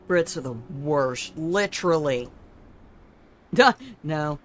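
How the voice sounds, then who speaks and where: An older woman streamer with a low, expressive voice speaks very slowly during casual gameplay commentary. She trades salty, teasing banter with chat and swears as she goes. There's slight background noise.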